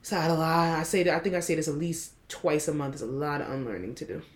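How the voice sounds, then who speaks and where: A woman's voice: low voice, quick pace. A woman co-hosting a podcast, talking earnestly and reflectively about feelings. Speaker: podcast co-host. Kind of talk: casual chat.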